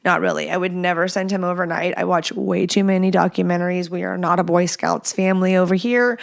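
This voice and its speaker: A woman's voice: fairly low pitch, steady tone, a little fast, vocal fry. A woman in her thirties talks through a casual solo podcast from her home. Her talk is loose and rambling, full of self-mocking asides. Now and then she drops to a whisper. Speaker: podcast host.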